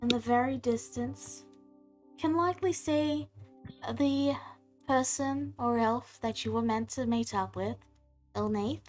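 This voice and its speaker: A woman narrating a tabletop game as game master, unhurried, with pauses and fillers, from her computer at home. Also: a little high, darkish tone, faint music behind.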